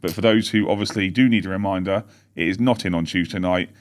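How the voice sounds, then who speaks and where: Fast-talking low-voiced man. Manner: rapid, rambling storytelling of match events. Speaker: podcast co-host. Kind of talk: casual live-stream chat. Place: at home.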